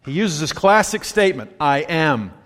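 A man's voice: on the high side, sing-song, normal speed, fairly bright tone, big-room sound. A man preaching a sermon, emphatic and full of rhetorical questions for his congregation. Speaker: pastor.

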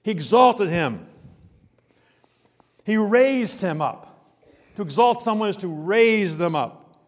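A middle-aged man preaching a sermon, swinging from loud emphasis to quiet asides. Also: high-pitched, expressive, slow. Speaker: pastor. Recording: reverberant hall.

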